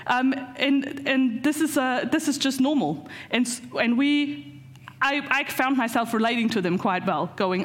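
A woman with a somewhat high voice talks through a sermon in a loose, conversational way. She hesitates often and fills her pauses with ums and uhs. Her delivery stays informal. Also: expressive. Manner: conversational, hesitant with many fillers. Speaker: preacher.

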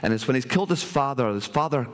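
A man retelling an ancient myth to an audience, in a lively, colloquial way with frequent restarts. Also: medium pitch, fast talker. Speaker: speaker. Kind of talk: animated storytelling talk. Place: hall with an audience.

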